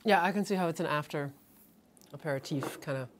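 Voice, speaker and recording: A woman's voice: sits low, brisk, slight background noise. A woman joining a blind tasting, chatting casually and laughing easily. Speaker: co-host tasting partner.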